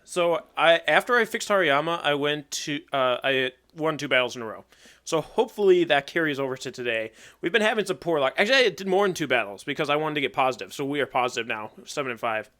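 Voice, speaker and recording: A young gaming YouTuber chats casually while playing and commentating a competitive Pokemon battle, thinking aloud and joking at his own expense. His voice is fairly high, sharp and animated, and he talks fast.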